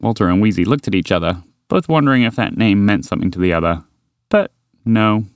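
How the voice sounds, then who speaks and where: A man narrating a children's story with an expressive reading. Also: lowish voice, a little fast, clear, resonant tone, no room sound, studio quality.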